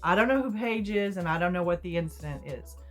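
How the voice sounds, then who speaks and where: A woman's voice: fairly low pitch, lively intonation, quick pace, faint music behind. Chatty woman vlogger telling a story. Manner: rambling, chatty retelling with asides. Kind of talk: casual storytime.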